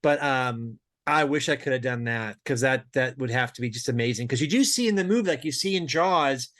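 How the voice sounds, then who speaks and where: Man, mid-pitched voice, casual podcast chat, friendly, chimes in to agree. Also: fairly bright tone. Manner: friendly listener, quick agreeing interjections. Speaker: podcast co-host.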